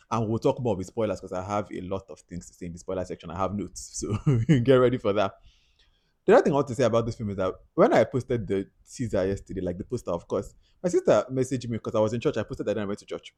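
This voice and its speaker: A man with a Nigerian accent giving a casual, chatty film review, animated and laughing often. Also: on the low side, quick pace.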